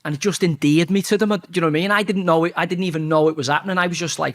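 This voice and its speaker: A man telling a blunt, sweary story as an interview guest, talking fast and animated. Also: fairly high pitch. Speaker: interview guest, former footballer.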